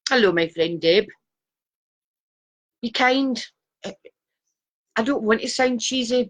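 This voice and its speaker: Chatty Glasgow Scottish woman. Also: mid-range voice. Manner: chatty, self-deprecating, greeting viewers by name. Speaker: psychic and live stream host. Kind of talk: casual live stream chat.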